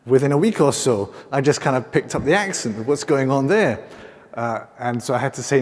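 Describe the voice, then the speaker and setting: A priest with a Scottish accent gives a homily at Mass, telling a story in a meandering way with many fillers and self-corrections. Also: male voice, mid-range voice, lively intonation, brisk. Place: large cathedral. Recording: long cathedral reverb.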